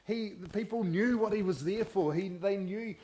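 A man's voice: sits high, normal speed. A man preaching a sermon as pastor, often asking the congregation questions. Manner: animated, asks the congregation questions.

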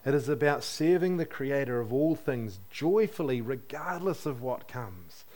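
A man's voice: medium pitch, animated, a little slow, darkish tone. Guy giving a sermon, chatty, asks the crowd stuff, bit of humor. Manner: conversational, asks the congregation questions, light humor. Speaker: preacher.

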